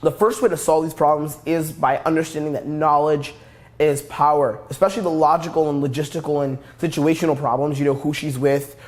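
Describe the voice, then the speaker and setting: A man's voice: a little high, steady tone, a little fast, a little mellow. A young man teaching as a dating coach, brash and profane, hammering his points with repetition. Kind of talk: instructional monologue.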